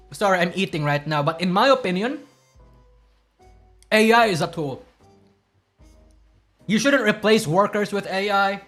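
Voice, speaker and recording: A man's voice: high voice, a bit bright. A man streaming, giving blunt, profane opinions in a rambling way with many restarts. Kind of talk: casual reaction stream commentary.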